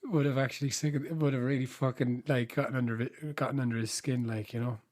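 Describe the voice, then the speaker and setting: A man's voice: medium pitch, fairly even intonation, a little fast, darkish tone. A man co-hosting a casual podcast, retelling anecdotes from a book with frequent laughs. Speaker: podcast co-host. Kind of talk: casual chat.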